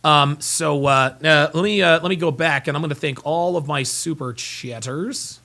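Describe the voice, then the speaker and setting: A man's voice: fairly high pitch, normal speed, pushed and bright. A man hosting a casual livestream, reading out viewer messages in a rambling, repetitive way, tired and yawning. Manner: rambling, repeats himself, talks while fumbling for files. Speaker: livestream host reading super chats.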